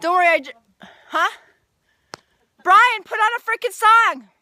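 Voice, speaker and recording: A woman with a very high, bright voice chats in a casual vlog. She is winded from dancing and comes across as giggly and excitable, with laughter slipping in between her sentences. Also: a little slow, no echo. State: out of breath. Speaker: vlogger and dancer.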